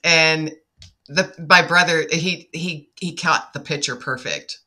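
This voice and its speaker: A middle-aged woman in casual conversation, telling stories with lively acted-out quotes. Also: low voice, slow. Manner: animated storyteller, acts out quotes loudly. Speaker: podcast guest.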